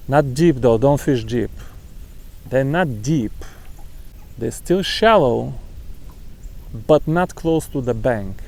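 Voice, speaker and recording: Slow, gravelly man rambling while fishing. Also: medium pitch, animated, darkish tone. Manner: chatty, talks to viewers and animals. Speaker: fishing vlogger. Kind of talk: rambling outdoor fishing commentary. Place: outdoors on the water.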